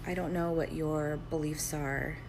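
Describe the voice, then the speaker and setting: A mother telling an earnest, measured story and quoting dialogue in a casual storytime. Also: low-pitched, fairly even intonation, noisy background.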